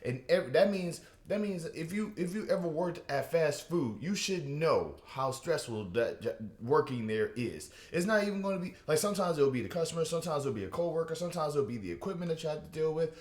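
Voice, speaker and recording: A man doing a rambling, animated stand-up comedy rant, with many restarts and asides. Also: fairly high pitch, a little fast, hardly any pauses, reverberant.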